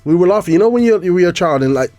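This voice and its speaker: A man's voice: sits high, animated, racing, mellow, dry recording, soft background music. A young man hosting a faith-themed breakfast chat show, talking casually and laughing often. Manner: laughs often, restarts sentences. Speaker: host.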